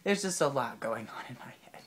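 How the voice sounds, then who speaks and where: A man's voice: mid-range voice, a little fast, a little hiss or hum. Sick man rambling jokes in half-whispers. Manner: joking deadpan asides, drifting into whispers. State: sore infected throat. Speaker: vlogger. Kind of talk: rambling comic vlog. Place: waiting outside an animal hospital.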